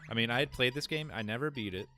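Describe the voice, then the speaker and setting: A man's voice: mid-range voice, fast talker. A man in his late twenties, a gaming co-host chatting casually, laid-back and agreeable, adding short replies and memories. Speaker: gaming channel co-host, watching. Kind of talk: casual let's-play chat. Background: game music.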